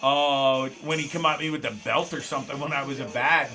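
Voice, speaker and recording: A man's voice: mid-range voice, fairly even intonation, brisk, pushed and bright. A middle-aged man from Canada, hosting a live show in a loose, rambling, profane way, laughing often and restarting sentences. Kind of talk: rambling live-stream chat. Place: small home studio. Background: faint background music.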